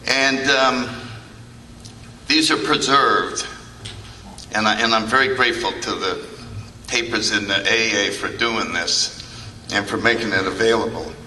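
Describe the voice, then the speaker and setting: A man's voice: lowish voice, unhurried, long pauses, pushed and bright, slight background noise. An older man giving a humorous, anecdotal talk to a convention audience, acting out the remarks he quotes. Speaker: recovery meeting speaker. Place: large convention hall. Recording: echoey hall, picked up from a distance.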